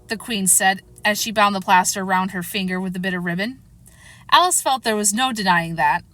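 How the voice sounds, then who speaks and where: A woman narrating a children's storybook aloud in a gentle, even storytelling manner. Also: medium pitch, normal speed, no room sound.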